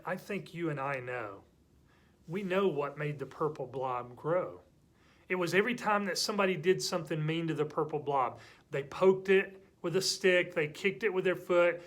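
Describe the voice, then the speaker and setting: A middle-aged man teaching a church children's class, telling a story with big swings between loud bursts and hushed lines. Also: a little high.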